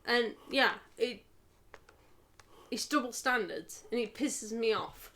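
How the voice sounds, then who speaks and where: Drunk young female co-streamer, sweary, easily disgusted, high lively voice. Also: slow, gravelly. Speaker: streamer, co-host. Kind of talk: drunk late-night stream chat.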